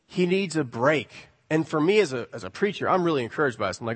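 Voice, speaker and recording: Male preacher, animated and conversational, rhetorical questions, voice ringing in a large church hall. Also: on the high side, quick pace, breathy edge. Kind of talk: sermon.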